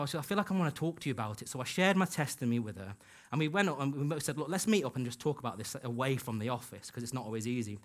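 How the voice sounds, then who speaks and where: A man's voice: medium pitch, expressive, fast talker, few pauses. A man preaching a sermon in a church, telling a personal story in an earnest way and acting out the dialogue he quotes. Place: church hall.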